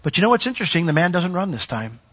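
A man preaching a sermon, animated, with sudden loud swells and soft drops as he retells the story. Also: high-pitched, rapid-fire, husky, muffled recording.

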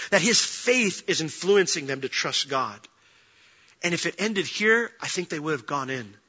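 A male preacher delivers a sermon in a high, very bright voice. He reads scripture with strong emphasis, swinging between soft asides and forceful declarations. The recording is dull and lo-fi.

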